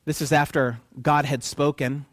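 A man preaching a sermon who keeps asking his listeners questions and pauses for their answers, swinging from quiet to loud for emphasis. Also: a little high, flat delivery, dry recording, studio quality.

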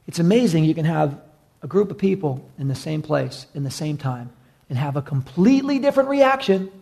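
A male pastor delivering a sermon with a somewhat high voice and a gravelly edge. He is animated, slipping into quick impressions of bewildered onlookers while keeping a preacher's drive.

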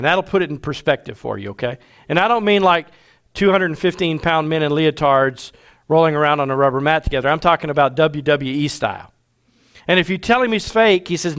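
A man preaching a sermon, folksy and conversational, slowing down for emphasis and speeding through asides. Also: on the high side, fairly bright tone. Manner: folksy, varies pace from slow emphatic to rapid asides. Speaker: pastor. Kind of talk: sermon with storytelling.

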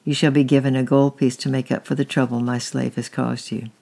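A storyteller voicing a stern, weary Roman master of a household, speaking gravely and evenly. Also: mid-range voice, little pitch movement, fairly quick, warm tone.

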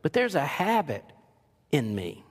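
High-voiced man preaching in a hall. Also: wildly swooping pitch, unhurried. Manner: conversational, joking, acts out quoted voices. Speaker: pastor. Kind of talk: sermon. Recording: long reverb of a large hall.

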